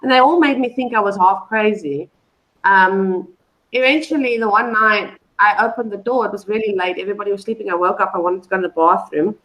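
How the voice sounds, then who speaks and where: Speaking fairly quickly in a medium, slightly bright voice, a guest on a live online show rambles through a casual story. She uses lots of fillers and keeps restarting, and the recording is low quality.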